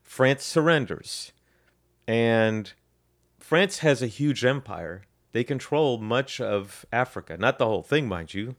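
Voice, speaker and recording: A man's voice: medium pitch, expressive, slow pace. A man co-hosting a history podcast, casually explaining events with frequent ums, restarts and self-corrections.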